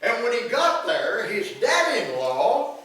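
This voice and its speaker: This middle-aged pastor's voice is very high-pitched and fairly bright, swinging hugely in pitch at a slow pace. He preaches in a church sanctuary through folksy stories with acted-out quotes, recorded from far away in an echoey room.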